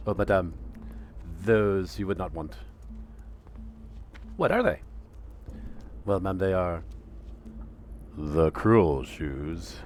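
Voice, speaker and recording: A man's voice: low voice, animated, very slow, long pauses, darkish tone, soft background music, exaggerated voice. A man putting on a fussy, overly polite shoe salesman in a comedy storybook reading. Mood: mock-polite. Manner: theatrical, mock-formal.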